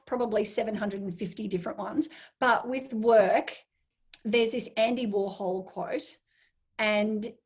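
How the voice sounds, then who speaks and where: A woman guest in a casual interview, talking enthusiastically and acting out her own inner voice in quick asides. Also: medium pitch.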